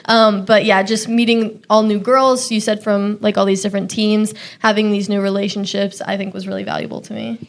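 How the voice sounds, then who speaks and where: A woman's voice: mid-range voice, flat delivery, a little fast, hardly any pauses. A young woman college athlete chatting as an interview guest, giggly and chatty, with heavy "like" fillers. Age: young adult. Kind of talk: casual interview chat.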